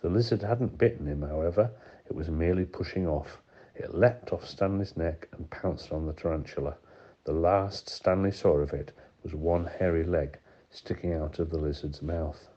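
A man reading an audiobook in steady, measured narration. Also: deep voice. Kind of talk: scripted narration. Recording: dull lo-fi recording.

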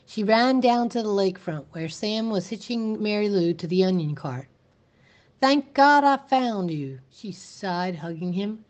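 A woman reading a novel aloud in a steady, even narrating voice. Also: medium pitch, moderate pace, hardly any pauses. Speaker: reader. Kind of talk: storybook read-aloud.

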